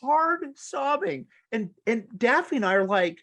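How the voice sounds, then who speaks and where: A man's voice: unhurried, few pauses. A man in his thirties, co-hosting a casual podcast chat, telling stories with frequent laughs. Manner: animated storyteller, laughs often, big pitch swings. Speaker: co-host.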